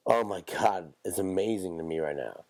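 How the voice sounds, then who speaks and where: A man's voice: low voice, moderate pace, darkish tone, no echo. A man hosting a solo podcast in loose, profane, rambling casual chat with joking asides, coughing and stuffed up from allergies. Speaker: podcast host.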